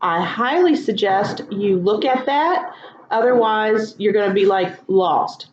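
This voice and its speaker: A woman teaching a writing lesson in a casual, relaxed way, with lots of ums and asides. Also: mid-range voice, slow, slight background noise. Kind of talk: casual classroom instruction. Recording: echoey room, dull lo-fi sound.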